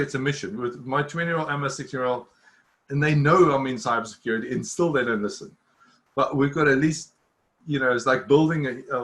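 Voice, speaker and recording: A cybersecurity speaker in his fifties gives a live presentation to an online audience, earnest and insistent. His mid-range voice is bright and forceful, and he repeats himself, restarting often.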